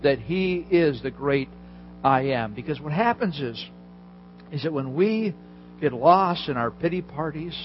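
Guy preaching, fairly high voice, chatty storytelling sermon, kinda muffled lo-fi audio. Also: expressive, unhurried, slight background noise. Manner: conversational, vivid storytelling with asides to listeners. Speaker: pastor.

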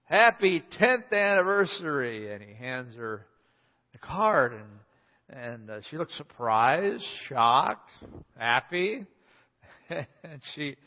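A man's voice: medium pitch, lively intonation, extremely slow, long pauses. A male pastor preaching a sermon, telling a story and repeating key points for emphasis. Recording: echoey hall, slightly dull.

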